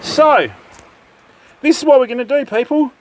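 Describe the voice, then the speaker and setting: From a beach outdoors, an older Australian man runs a fishing livestream, talking easily, welcoming viewers by name and describing what he's up to. He speaks at normal speed in a very high voice with a darkish tone, over slight background noise.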